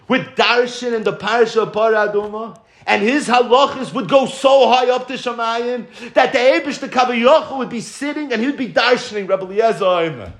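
A man teaching a Torah story as a lively storyteller who acts out the quotes. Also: sits high. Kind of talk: storytelling lesson. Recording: echoey room.

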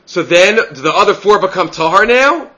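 Husky, bright-voiced man teaching Talmud. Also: sits high, lively intonation, normal speed, poor audio. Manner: explains by reading Aramaic phrases then translating, asks "right?" often. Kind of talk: casual Talmud study lecture.

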